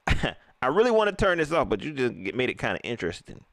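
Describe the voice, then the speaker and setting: A man's voice: mid-range voice, sing-song, brisk, a bit bright, no room sound, studio quality. A young man hosting a live postgame stream. He vents in heated, slangy talk, repeating himself and mocking the quotes he reacts to. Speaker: livestream host.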